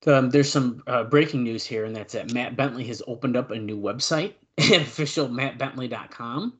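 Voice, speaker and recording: A male podcast co-host in casual chat, reading out old news notes and adding quick asides. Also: medium pitch.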